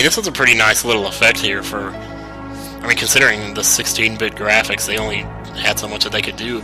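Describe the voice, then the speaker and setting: A man's voice: on the low side, rough recording. A young man giving casual, joking, rambling commentary while playing a video game. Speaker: let's play commentator.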